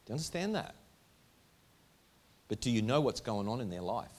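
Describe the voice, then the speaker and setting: A man's voice: mid-range voice, sing-song, moderate pace, darkish tone. A man preaching a sermon to a congregation in a church, emphatic and driving home his points with repeated rhetorical questions. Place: church hall before a congregation.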